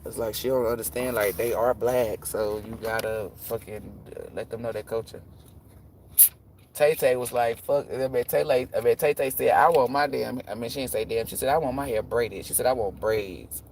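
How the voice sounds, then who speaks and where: A man's voice: mid-range voice, normal speed, a little mellow, a little hiss or hum. A man hosting a tarot livestream, chatting casually and telling profane stories. He laughs often and acts out the voices of the people he quotes.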